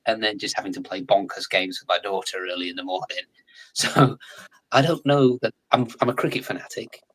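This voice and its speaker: An English man in his forties, a guest in a casual live chat, talking in a chatty, animated way and laughing often. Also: low voice, rough recording. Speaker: guest actor.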